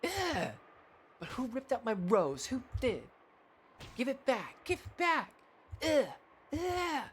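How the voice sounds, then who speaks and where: A man voicing a stubborn little girl who whines in a shrill, repeated cry. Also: wildly swooping pitch, slow, a bit bright, a little hiss or hum, full character voice. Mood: insistent whining.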